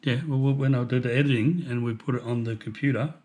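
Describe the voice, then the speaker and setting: A man's voice: medium pitch, fairly even intonation, fast, a little mellow. An older Australian man, a truck driver, chatting casually to camera in an easygoing, jokey way with his granddaughter. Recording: faint background noise.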